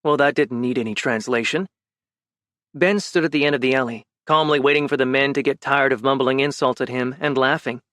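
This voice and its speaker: Guy reading an audiobook, steady even delivery, mid voice, super dry close mic. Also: medium pitch, a little fast, dry recording. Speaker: audiobook narrator. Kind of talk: scripted audiobook narration.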